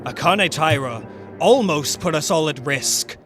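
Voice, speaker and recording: A man voicing a cold, calculating young male student in a fan dub, speaking in a measured, lecturing way. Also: fairly high pitch, animated, music in the background.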